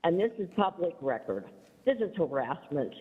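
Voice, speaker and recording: A woman's voice: deep voice, very animated, moderate pace, husky. A woman in her seventies making an emphatic, defiant public comment at a council meeting, calling in remotely. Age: 70s. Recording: tinny phone line played into a reverberant hall.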